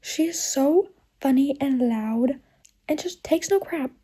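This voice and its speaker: A woman's voice: sits high, animated, slow pace, dark tone, poor audio. A young woman chatting in a reading vlog, gushing and laughing often, sometimes dropping into whispers. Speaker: book vlogger. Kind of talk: casual reading vlog chat.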